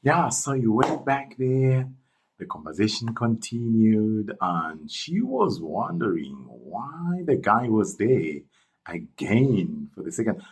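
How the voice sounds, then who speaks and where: A man narrating a storytime story in an animated, chatty way, talking straight to viewers. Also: fairly low pitch, slow pace, rough recording.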